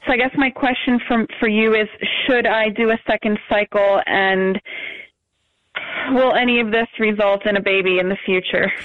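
A woman's voice: medium pitch, fairly even intonation, moderate pace, no echo. Woman caller over a phone line. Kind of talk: phone-in chat.

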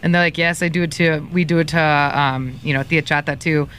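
Bright-voiced, giggly female radio co-host. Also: low voice, steady tone, brisk, a little hiss or hum. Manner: laughs often, acts out family quotes. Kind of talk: casual morning show banter.

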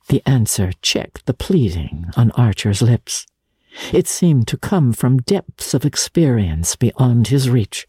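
A narrator reading a classic novel aloud in a measured, even manner. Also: medium pitch, husky, no echo, studio quality. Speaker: audiobook narrator. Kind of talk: literary audiobook narration.

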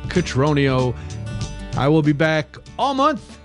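A man's voice: fairly high pitch, sing-song, takes it slowly, soft background music. A man hosting a night radio talk show, chatty and joking as he reads out listener texts. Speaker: radio host. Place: radio studio.

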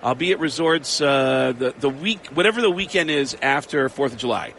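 A man, a comedian and voice actor, telling stories in an animated way as a guest in a casual interview. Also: medium pitch, moderate pace, a little hiss or hum. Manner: animated, laughing storyteller. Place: outdoor radio row at a big game.

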